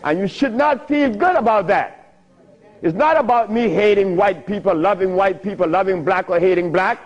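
A man's voice: high voice, normal speed. A man lecturing an audience, telling stories in an emphatic, teasing way, on a dull lo-fi recording. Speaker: speaker addressing an audience. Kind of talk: lecture with storytelling.

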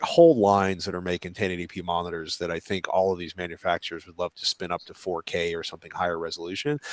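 Low-voiced rambling man on a tech panel. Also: no room sound. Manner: rambling, animated asides with acted-out quotes. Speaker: panel guest. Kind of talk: casual panel discussion.

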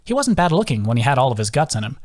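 A man's voice: medium pitch, very fast. A man reading his own fantasy novel aloud as audiobook narration. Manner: lively, expressive reading.

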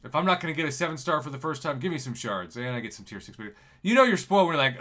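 His fairly high voice races along with few pauses as he streams a mobile game. Laughing and worked up, he reads out viewer comments in a casual back-and-forth.

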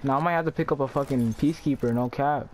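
A young man streaming a game, giving excited, profane callouts to his squad over a headset. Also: medium pitch, quick pace. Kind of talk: casual gaming voice chat.

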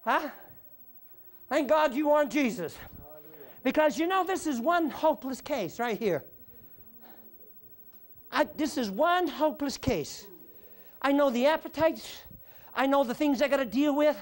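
High-pitched shouting preacher man. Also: a little slow, long pauses. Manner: animated, shouts with repeated phrases and "huh?". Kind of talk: sermon.

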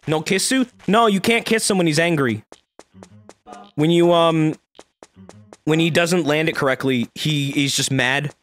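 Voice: medium pitch, measured pace, long pauses, faint music behind. A game streamer giving casual, joking play-by-play and reading the game's dialogue aloud, swearing freely. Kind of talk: casual let's-play commentary.

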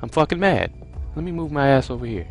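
A man's voice: mid-range voice, sing-song, fast, faint music behind. A man giving profane, frustrated let's play commentary while playing a game. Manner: profane, ranting, loudly frustrated.

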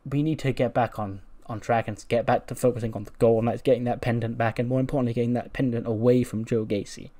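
A man's voice: medium pitch, steady tone, fast, few pauses, dark tone, natural voice. A man voicing an earnest male team leader giving a rousing pep talk about friendship.

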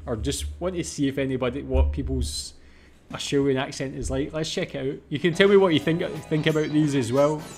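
A man's voice: a little high, darkish tone, a little hiss or hum. A man hosting a reaction video, chatting casually and thinking aloud as he goes.

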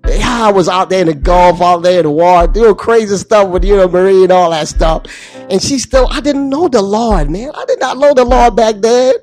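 A man's voice: high voice, moderate pace, darkish tone, soft background music. A middle-aged man from Anguilla hosting a radio show, talking in a heartfelt, preachy way and slipping into sing-song phrases. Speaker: radio DJ and host. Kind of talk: heartfelt devotional radio talk. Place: radio studio. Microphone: studio microphone at a mixing desk.

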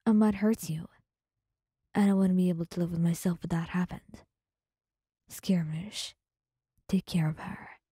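A woman voicing a brooding, serious young male guardian in a low, grave whisper, as whispered role-play. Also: fairly even intonation, normal speed, pauses often, dark tone, husky, no echo, clean studio sound. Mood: sad.

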